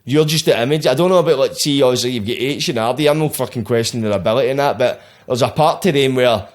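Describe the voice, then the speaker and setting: A man's voice: medium pitch, fast. A young Scottish man in casual podcast chat, blunt and sweary, rambling from thought to thought. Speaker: podcast co-speaker on rap.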